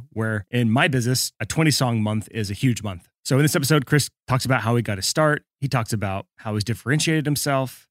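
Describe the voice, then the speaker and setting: A man's voice: mid-range voice, no echo, clean studio sound. A man hosting a podcast, introducing the episode in a chatty, joking and rambling way. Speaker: podcast host.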